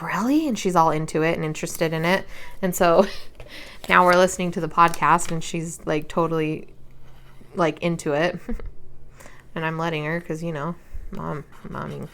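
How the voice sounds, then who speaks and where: A woman's voice: fairly low pitch, fairly bright tone, clear, resonant tone. A tired woman in her thirties chatting casually at home while she crafts, rambling with lots of fillers. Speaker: crafting vlogger and mother.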